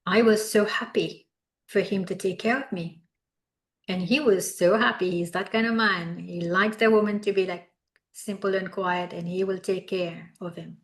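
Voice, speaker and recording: A middle-aged woman speaks at an ordinary, middle pitch as she tells her own story. She is a wellness coach, and her manner is reflective and confessional, with many loose "like" fillers between thoughts. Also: fairly even intonation, normal speed. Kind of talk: personal storytelling talk.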